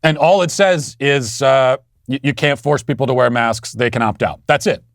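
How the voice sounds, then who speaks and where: Male show host, mid-pitched, sarcastic and mocking, dry close studio sound. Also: moderate pace, dry recording. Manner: mocking, does sneering voices of opponents. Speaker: political commentary host. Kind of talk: sarcastic political commentary monologue.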